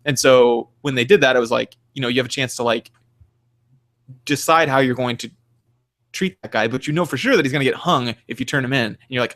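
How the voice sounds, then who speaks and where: A man's voice: mid-range voice, brisk, a bit bright. A young man co-hosting a podcast, ranting animatedly about video games in casual, profane chat. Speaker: podcast co-host.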